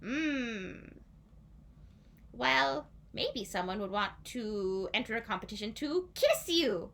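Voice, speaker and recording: A woman's voice: lively intonation, slow pace, gravelly, fairly bright tone, heavily acted. A woman voicing a pompous, spoiled bad king who whines and bosses people around in a storybook. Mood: scheming. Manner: whiny, bossy, squealing up high.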